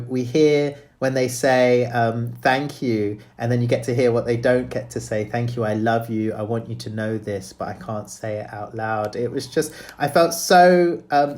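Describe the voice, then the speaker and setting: A man hosting a writing showcase, giving gentle, hesitant feedback with many pauses and restarts. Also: medium pitch. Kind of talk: live event hosting and spoken feedback.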